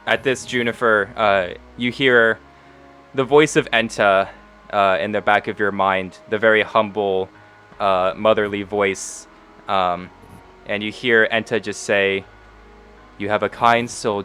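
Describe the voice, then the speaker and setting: A man narrating a tabletop role-playing game as game master, relaxed with frequent fillers. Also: lowish voice.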